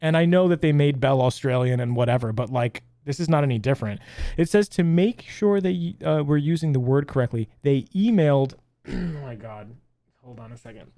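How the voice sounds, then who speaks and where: Animated man, dry close podcast sound. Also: brisk, no echo. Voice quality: animated, laughs often, excitable rising pitch. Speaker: podcast co-host. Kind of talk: casual chat.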